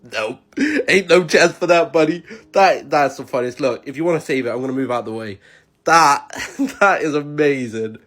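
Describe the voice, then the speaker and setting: High-voiced amused man reacting to football. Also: moderate pace, fairly bright tone. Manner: laughing, amused, casual.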